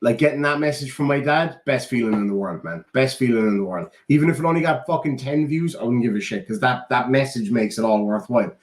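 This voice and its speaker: A man's voice: mid-range voice, fast, few pauses. A man with an Irish accent telling heartfelt stories in casual chat, swearing freely. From Ireland. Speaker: podcast co-host. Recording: roomy echo.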